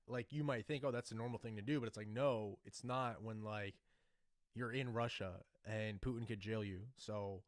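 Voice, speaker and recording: A man's voice: lowish voice, no room sound, studio quality. A man hosting a casual solo podcast, rambling through his thoughts with many fillers and restarts. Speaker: podcast host. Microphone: desk microphone.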